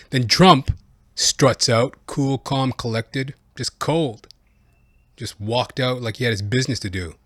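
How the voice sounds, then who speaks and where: A man's voice: medium pitch, a little slow, a bit bright, no room sound. A man hosting a podcast, giving comedic political commentary in a rambling way full of fillers. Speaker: podcast host.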